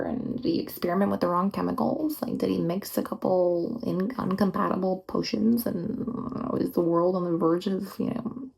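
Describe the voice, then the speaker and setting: A woman's voice: medium pitch, vocal fry, darkish tone, low-quality recording. A woman in a whispered role-play, talking in a defiant, indignant, rambling way. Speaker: ASMR role-play host.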